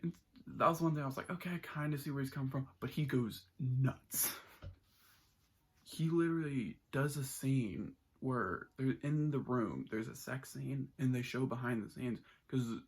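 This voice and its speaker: A man's voice: medium pitch, measured pace, husky. A man giving a casual, enthusiastic spoken movie review, rambling with many restarts.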